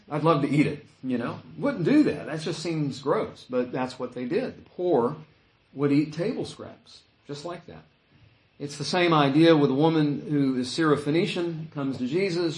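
A male pastor teaching a sermon in a casual, conversational way, thinking aloud with frequent fillers. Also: medium pitch. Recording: echoey room.

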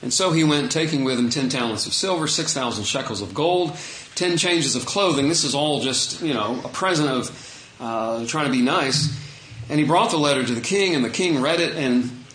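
A man's voice: fairly high pitch, fairly bright tone, echoey room, low-quality recording. A man preaching a conversational sermon, retelling a Bible story with casual asides. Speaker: pastor.

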